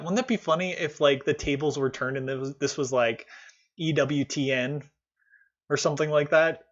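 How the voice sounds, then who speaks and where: A man's voice: a little high, normal speed, lo-fi sound. A man hosting a live stream, reacting to a video with candid, sarcastic commentary and frequent laughs. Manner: candid, sarcastic, laughs often, mocking voices.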